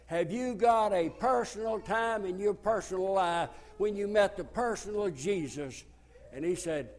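A man preaching an impassioned sermon and giving an altar call, shouting at his peaks. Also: sits high, a little slow.

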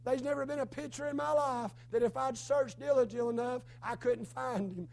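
Preacher, male, drawl, strained hoarse voice, very high register, fervent sermon delivery. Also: fairly even intonation, a little fast. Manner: fervent, rising to shouts then dropping low.

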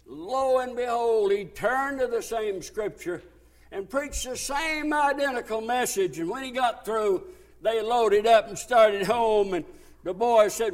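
A man's voice: very high voice, a little slow. A man preaching a sermon, folksy storytelling that swells into fervent, raised passages.

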